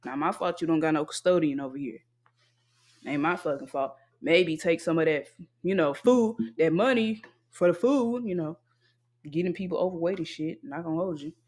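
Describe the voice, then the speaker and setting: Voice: mid-range voice, moderate pace, darkish tone. Young adult ranting bluntly with profanity. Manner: blunt, heavily profane, emphatic ranting with repeated refusals. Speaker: podcast host venting. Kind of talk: casual solo venting monologue.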